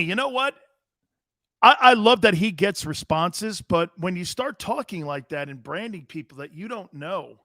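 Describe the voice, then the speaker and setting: A middle-aged man hosts a sports talk show in a casual, rambling way. His stories break into loud shouts and laughter. His voice sits a little high and rings bright and forceful, recorded dry and close. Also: no echo. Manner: loud, excitable, storytelling with bursts of shouting and laughter.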